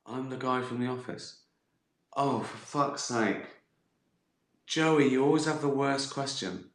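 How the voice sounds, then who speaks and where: This middle-aged man from England's West Country speaks in a mid-range, unhurried voice with a reverberant sound. Chatting casually on a livestream, he answers viewer questions with rambling, profane comic stories punctuated by giggles.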